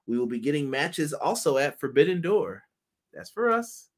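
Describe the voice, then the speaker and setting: Animated man with a lively voice. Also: on the high side, normal speed. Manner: animated, joking, slangy. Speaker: podcast host. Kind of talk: casual wrestling review chat.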